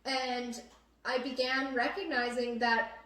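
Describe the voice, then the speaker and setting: A woman's voice: a little high, fairly even intonation, slow, a bit bright. A young adult woman hosting a casual chat, talking earnestly with many fillers. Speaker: host. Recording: echoey room, mic at a distance.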